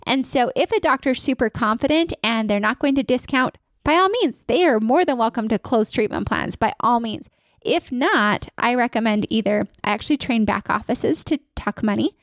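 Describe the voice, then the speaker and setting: A woman's voice: a little high, moderate pace, hardly any pauses, no room sound. A woman consultant in her thirties, a podcast guest talking energetically and acting out staff and patient lines. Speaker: dental practice consultant.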